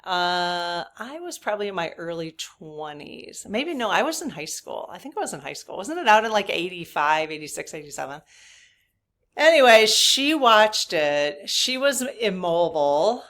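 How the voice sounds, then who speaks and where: Woman in her fifties, spiritual reader, rambling casual chat, slightly low voice. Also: very animated, normal speed, a bit bright. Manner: chatty, laughing, rambling with asides.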